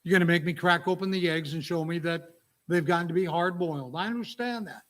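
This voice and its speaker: A man's voice: fairly high pitch, fairly quick, fairly bright tone, natural voice. A man doing an overwhelmed young wife, exasperated. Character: weary young married woman, overwhelmed and exasperated.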